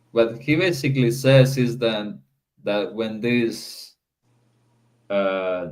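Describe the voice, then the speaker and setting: Man, low voice, slow, hesitant, fillers, teaching grammar. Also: low-quality recording. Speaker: Greek instructor. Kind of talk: classroom discussion.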